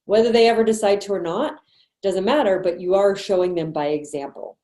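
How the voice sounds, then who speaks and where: Over a video call, a woman sales manager runs an online training meeting, chatty and encouraging, with quick asides and laughs. Her mid-range voice has a dark tone and sounds reverberant.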